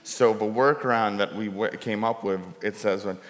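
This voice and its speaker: With a steady, fairly low voice at normal speed, a man describes his documentary filmmaking to a conference panel. His sentences wander and restart, and the hall gives a long reverb.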